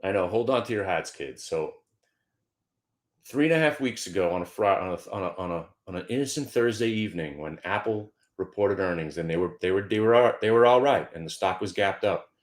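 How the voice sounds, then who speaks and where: A man's voice: sits low, lively intonation, fairly quick. A middle-aged man hosting a stock trading show, giving casual, joking market commentary with mock-emotional outbursts and stumbling repeats.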